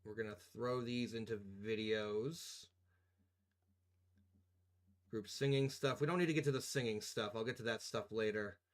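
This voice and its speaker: A young man live-streaming as he edits video talks at a moderate pace in a lowish voice, with long pauses. He chats casually and ramblingly with viewers, swearing, joking, and often laughing.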